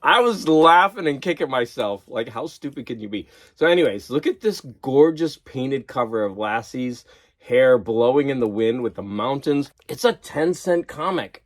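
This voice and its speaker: A man chatting casually in a vlog, excited and laughing at himself as he geeks out over comics. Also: mid-range voice. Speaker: vlogger. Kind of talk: casual chat.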